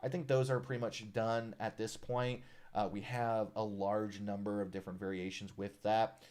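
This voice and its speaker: A man's voice: lowish voice, normal speed. A man hosting a casual live stream, chatting loosely with many fillers and reading viewer comments. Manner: relaxed, friendly, many "uh"s, reads viewer comments aloud. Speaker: live stream host, designer of a character art project.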